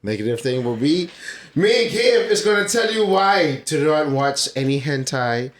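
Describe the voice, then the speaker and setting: A man co-hosts a casual podcast, relaxed and laughing easily. His pitch moves a lot as he talks. The room gives his voice a noticeable echo. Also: normal speed. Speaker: podcast co-host. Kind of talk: casual chat. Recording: roomy echo.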